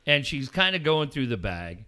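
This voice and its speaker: A middle-aged radio co-host with a mid-range voice and moderate pace tells a story amid casual banter. He's an animated storyteller who acts out every line of dialogue and swears freely.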